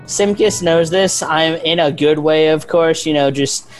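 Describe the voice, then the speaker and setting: Relaxed, casual podcast guest. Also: medium pitch, a little slow, soft background music. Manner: casual, relaxed, swears, laughs often.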